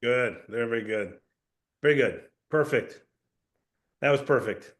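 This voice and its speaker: A man coaching a sales team in a casual, energetic way, often calling people "dude" or "bro". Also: mid-range voice, measured pace. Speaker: sales trainer.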